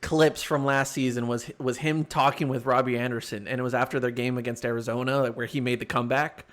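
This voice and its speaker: A young man co-hosting a sports podcast in casual chat, animated and quick to laugh loudly. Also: mid-range voice. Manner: animated, laughs loudly, breaks into mock impressions. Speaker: podcast co-host.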